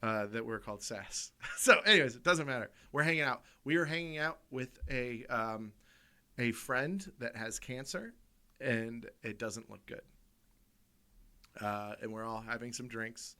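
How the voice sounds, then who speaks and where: This comedy podcast co-host, recorded in a studio, has a smooth, pushed, bright medium-pitched voice and an unhurried delivery. He rambles through stories casually, entertained by his own telling, and breaks into laughter midway.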